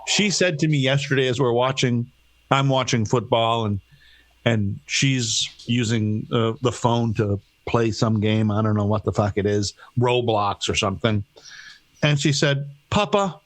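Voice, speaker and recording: A man's voice: mid-range voice, dry recording. An older man, a co-host with grandchildren, telling crude, profane stories in a casual comedic chat. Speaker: podcast co-host.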